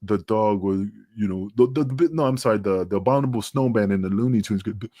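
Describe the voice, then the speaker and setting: A middle-aged man and former pro wrestler, guesting on a podcast and telling rambling, profane stories, loudly acting out the voices of the people he quotes. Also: lowish voice, fast. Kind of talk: casual storytelling on a podcast.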